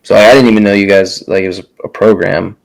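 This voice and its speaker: A young man hosting a relaxed casual chat, talking loosely with a lot of um and you know. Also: fairly low pitch, fairly quick, vocal fry, poor audio. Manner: relaxed, many fillers and restarts.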